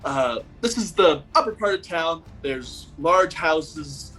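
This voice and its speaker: A man narrating as game master of a tabletop game, relaxed and hesitant with many fillers. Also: fairly high pitch, slow pace, soft background music.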